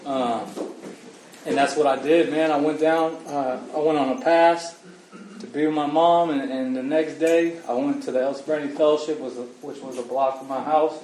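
A man's voice: a little high, fairly even intonation, a little mellow. Guy sharing his recovery story at a meeting, stops and restarts a lot, kinda emotional, mic's far off, faint room noise. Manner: halting, earnest, many restarts, says "man" a lot. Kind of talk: personal recovery testimony. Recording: roomy echo, far from mic, faint ambience.

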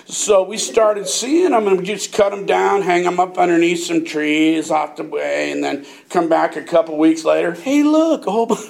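A man's voice: on the high side, fairly even intonation, normal speed, gravelly, hardly any pauses. An older man telling a rambling, profane story in casual chat, often laughing as he talks. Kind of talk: casual anecdote.

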